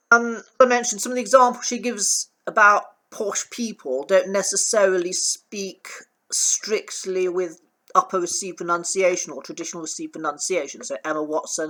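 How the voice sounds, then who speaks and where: A man coaching, speaking in a measured, hesitant way with many ums, on an uneven recording. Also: high voice, sharp tone. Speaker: accent coach. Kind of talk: relaxed talking-head commentary. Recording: uneven, poor sound quality in parts.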